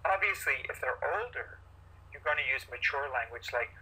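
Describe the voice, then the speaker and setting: A man, a paediatrician guest in an interview, explaining parenting advice in an animated way and acting out parents and children as he goes. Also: medium pitch, normal speed, breathy edge, low-quality recording.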